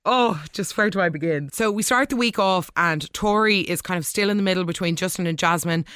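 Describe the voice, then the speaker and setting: A woman's voice: on the low side, brisk, a bit bright, smooth, no room sound, studio quality. A woman hosting a casual episode recap in a chatty, gushing way, acting out the lines she quotes. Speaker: soap opera recap host.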